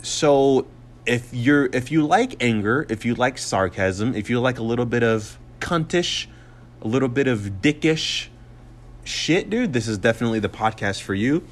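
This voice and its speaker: Male, 20s, solo podcast host and comic; middle-pitched voice, cussing and sarcastic, rambling delivery full of fillers. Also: lively intonation, moderate pace.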